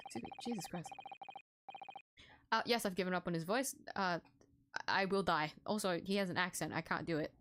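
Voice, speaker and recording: A woman's voice: on the low side, a little fast, long pauses. A woman streamer giving casual, chatty let's-play commentary with self-deprecating asides. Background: background music.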